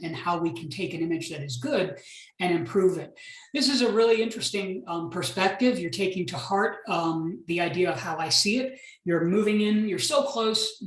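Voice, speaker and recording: A man, an art professor, giving recorded feedback on student photographs in a measured, reflective way with many pauses and restarts. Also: high-pitched, fairly bright tone, echoey room, rough recording.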